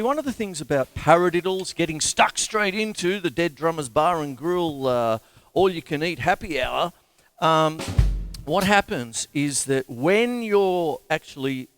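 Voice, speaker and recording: Chatty Australian drum teacher, lively voice. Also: male voice, a little high. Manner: chatty, counts rhythms and stickings aloud, jokey asides. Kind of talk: live-streamed drum lesson. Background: drum kit playing.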